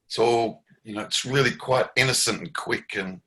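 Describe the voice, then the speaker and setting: A man's voice: mid-range voice, normal speed, sharp tone. A man leading a satsang dialogue as a spiritual teacher, reflective and emphatic, often laughing, on a video call.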